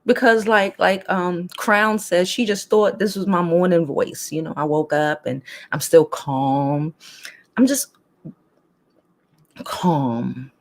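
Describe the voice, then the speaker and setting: A woman's voice: lowish voice, steady tone, measured pace. A woman hosting a casual livestream chat and reading the comments, blunt and talkative, who laughs often and swears freely. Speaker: host.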